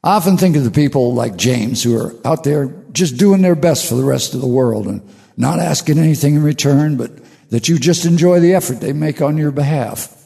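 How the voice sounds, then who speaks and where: Older man, gravelly, musing spiritual monologue. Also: mid-range voice, warm tone, big-room sound. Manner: slow, musing, with halting restarts. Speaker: radio show host.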